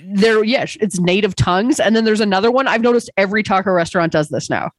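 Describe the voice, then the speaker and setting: A woman's voice: medium pitch, quick pace, no room sound, poor audio. A woman comedian in a casual podcast chat, telling stories with swearing and acted-out exchanges. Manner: animated storytelling, swearing, acting out exchanges. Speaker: comedian guest.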